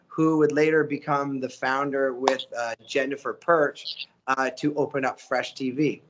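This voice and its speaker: A man, a voice actor telling stories as an interview guest, animated and slipping into character voices. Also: mid-range voice, dull audio. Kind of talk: casual storytelling interview.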